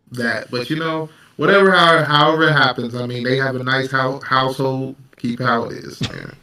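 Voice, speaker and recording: Male host, bright and laid-back, recorded a little off-mic in an echoey room. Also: mid-range voice, far from the mic. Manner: laid-back, laughing, profane. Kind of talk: casual anime discussion.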